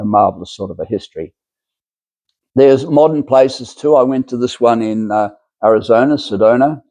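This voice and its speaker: Mellow-voiced man giving a rambling lecture. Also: fairly low pitch, no echo. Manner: rambling, hesitant, many fillers and restarts. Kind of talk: spiritual lecture.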